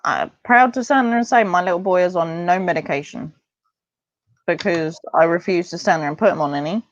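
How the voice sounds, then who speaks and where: A woman's voice: lowish voice, a little fast, dry recording. A woman talking as a parent in a casual interview, chatty and rambling, often acting out what others said. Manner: chatty, rambling, acts out quoted voices. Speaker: parent guest. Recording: dull dry lo-fi sound.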